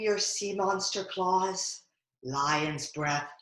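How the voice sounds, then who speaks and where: A woman leads children through yoga poses during a storytime lesson, talking to them in an expressive, playful way. Her voice is bright and swoops widely in pitch while she keeps an unhurried pace. It sounds like a home video call, with an echoey room and a faint hiss behind her. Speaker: kids' yoga teacher. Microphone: video call mic.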